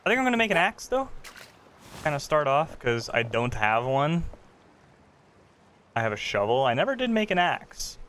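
A man giving casual let's-play commentary while gaming, chatty and excitable, reacting out loud to the game. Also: on the high side, moderate pace, pauses often, clear, resonant tone. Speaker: gaming streamer.

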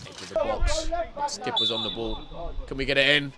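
A young man giving excitable, partisan commentary on his club's match outdoors. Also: mid-range voice, moderate pace. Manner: excitable, partisan, casual slang. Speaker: club commentator. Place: outdoors at a football pitch. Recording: loud crowd around the mic. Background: crowd noise.

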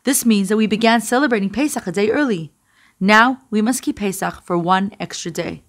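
A woman doing a kind, gentle old rabbi. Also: medium pitch, a little fast, lightly acted. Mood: earnest. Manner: gentle, kindly.

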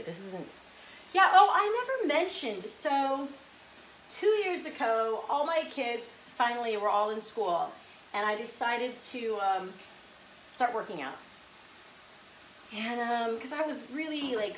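A woman's voice: on the high side, recorded from a distance, a little hiss or hum. A woman in her thirties chatting casually in her home kitchen while she cooks, rambling and joking at her own expense with lots of fillers. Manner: rambling, self-deprecating, chatty with many fillers. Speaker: home cook vlogger. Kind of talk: casual cooking vlog chat. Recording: echoey kitchen with faint ambience.

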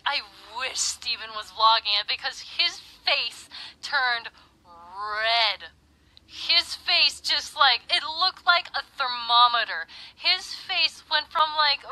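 A young woman telling an animated, exaggerated story in a casual way as a livestreamer. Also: sits high, no echo, poor audio.

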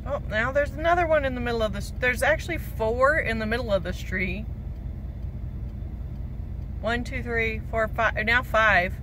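A woman's voice: on the high side, moderate pace, long pauses, noisy background. A woman vlogging a road trip, gushing and a bit out of breath as she talks to her camera. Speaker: RV travel vlogger. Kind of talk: excited travel vlog. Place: outdoors by a geyser, then inside her vehicle.

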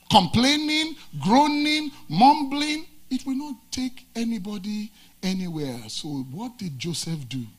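A male pastor preaching a sermon, from Nigeria, with dramatic swings between loud emphatic lines and low quiet ones. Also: slightly rough.

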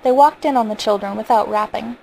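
Calm story reader, woman, raspy fry, faint background hiss. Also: fairly high pitch, brisk, poor audio. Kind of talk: reading a short story aloud.

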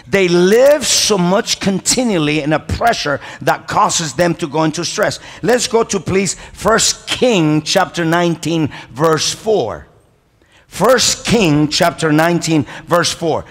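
A male pastor preaching with a high voice that swings all over. He stresses key lines, repeats them and calls for amens. His voice rings out with the long reverb of a big church hall. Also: animated, takes it slowly. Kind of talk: sermon.

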